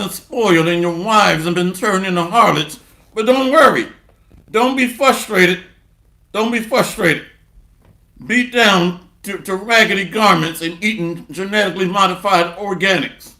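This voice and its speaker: In a reverberant space, a male preacher gives a sarcastic sermon built on recurring refrains. His voice drops to mutters, then erupts loudly, and he reads passages of scripture aloud.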